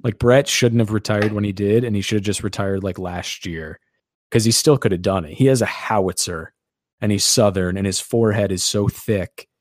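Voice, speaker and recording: A man's voice: fairly low pitch, moderate pace, no room sound. A man hosting a casual sports podcast, talking in a sarcastic, rambling way. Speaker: podcast host.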